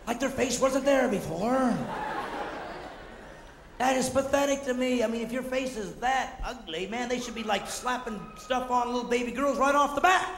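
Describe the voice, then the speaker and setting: A man performing energetic, mocking stand-up comedy on stage, acting out the voices he quotes. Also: extremely high pitch, normal speed, vocal fry. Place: theater stage before a live audience. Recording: roomy hall with audible audience noise.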